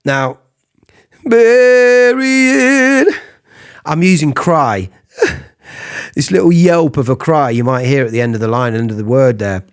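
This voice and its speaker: A man giving a casual singing lesson, explaining vocal technique between falsetto sung examples. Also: brisk, few pauses. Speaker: singing teacher.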